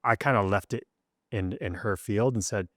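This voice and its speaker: A man with a lowish voice tells a raw personal story in a candid interview. He gets emotional and acts out the people he quotes, his pitch jumping up for their lines. The sound is close and dry. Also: normal speed, a bit bright, no room sound. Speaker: guest, rock drummer.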